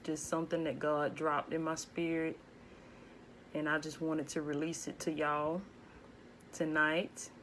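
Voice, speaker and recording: Indoors at home, a woman chats with a live-stream audience in a low, laid-back, hushed voice, calling out viewers by name as she goes. Her tone stays level and her pace measured, broken by long pauses. A faint noise lies beneath the phone recording.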